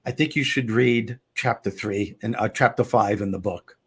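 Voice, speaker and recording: A man's voice: on the low side, moderate pace, a little hiss or hum, pitched below the performer's own voice, lightly acted. A man quoting an earnest nine-year-old girl. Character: earnest little girl of nine, advising her grandfather.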